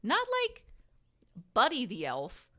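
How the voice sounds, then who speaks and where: Bright-voiced young woman podcast guest. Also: fairly high pitch, wildly swooping pitch, slow. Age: young adult. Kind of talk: casual podcast chat.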